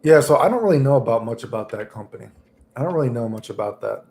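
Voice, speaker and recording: A male streamer chatting casually with his audience in a rambling, crude, joking way. His voice sits at an average pitch for a man. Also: expressive, quick pace, creaky, a little mellow. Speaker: livestreamer.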